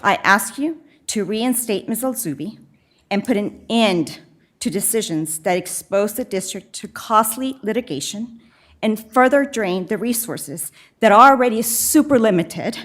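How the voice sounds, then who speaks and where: A woman's voice: medium pitch, animated, a little slow, a bit bright. A woman reading a firm, critical public comment to a school board. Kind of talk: prepared public comment read aloud.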